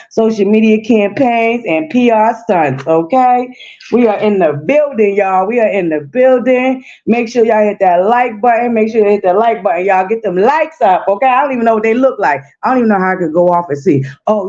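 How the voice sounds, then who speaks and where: A woman's voice: medium pitch, a little mellow. A woman hosting her own livestream in a casual, chatty way, talking straight to her viewers. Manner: chatty, repeatedly addresses viewers directly. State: slightly out of breath. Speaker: livestream host. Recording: dull lo-fi audio.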